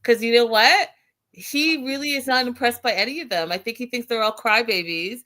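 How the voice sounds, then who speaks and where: A woman hosting a casual reality TV recap, telling scenes with animated retellings and frequent laughter. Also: fairly high pitch, moderate pace. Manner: animated storyteller, acts out quotes, laughs often. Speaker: host.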